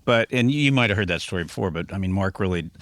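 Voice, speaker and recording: A man's voice: low-pitched, lively intonation, quick pace, fairly bright tone, no room sound, clean studio sound. A man talking as a podcast guest in casual conversation, rambling with many fillers and restarts.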